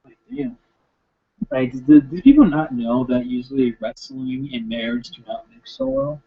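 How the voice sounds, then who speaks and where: A man's voice: mid-range voice, very animated, a little slow, long pauses, breathy edge. A young man hosting a video and rambling bluntly and profanely through viewer questions, with many fillers. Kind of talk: casual rambling chat. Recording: lo-fi dull sound.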